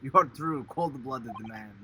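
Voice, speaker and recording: A man's voice: mid-range voice, a little slow, bright, forceful tone, a little hiss or hum. A man voicing a stern ship officer with a put-on Russian accent, speaking stiff, broken formal English in threats and accusations. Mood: menacing.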